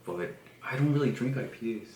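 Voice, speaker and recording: A man in his thirties co-hosting a casual podcast, relaxed and agreeable with lots of fillers. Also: mid-range voice, brisk, creaky. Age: 30s. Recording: roomy echo with faint background noise.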